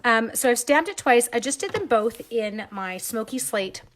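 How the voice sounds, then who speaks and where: A woman's voice: fairly high pitch, lively intonation, normal speed, a little hiss or hum. A Canadian woman hosting a live craft stream from home, chatting and giggling at herself as she stamps and colors and greets viewers by name.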